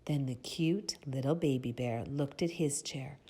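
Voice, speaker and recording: A woman reading a picture book aloud to children in a soft, breathy, expressive way, pausing to ask them questions. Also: a bass voice. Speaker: children's storyteller.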